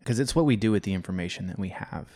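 A man co-hosting a podcast, speaking in a calm, reflective and supportive way. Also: low-pitched, racing, no echo, studio quality. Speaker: podcast co-host. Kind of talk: casual podcast discussion.

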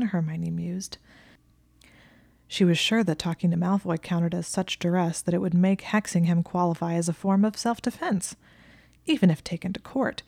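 A woman reads a story in a dry, measured way. Her voice is low, with a gravelly texture and a mellow warmth. The sound is dry and close. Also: no room sound. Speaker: narrator. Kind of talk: audiobook reading of fan fiction.

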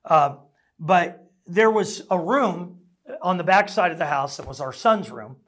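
A middle-aged pastor preaches a sermon, telling stories in a conversational, self-deprecating way. His voice is on the high side and a bit bright.

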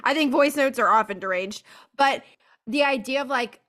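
A woman hosting a podcast, talking casually and reacting with animated disbelief to her guest. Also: high voice, moderate pace. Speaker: podcast host.

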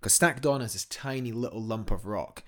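A man's voice: on the low side, brisk. Enthusiastic man telling a story. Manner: enthusiastic, rambling with many restarts. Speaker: guest climber. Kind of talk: casual storytelling in a podcast interview.

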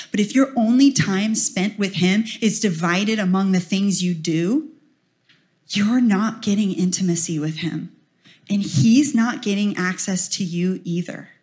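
A woman in her forties delivers a relaxed, conversational sermon in an average-pitched voice. She is earnest and direct, often sinking into quiet, confiding phrases before pushing up with urgency. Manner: conversational and earnest, often dropping soft then rising with urgency. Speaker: speaker at a Christian teaching talk. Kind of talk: informal sermon.

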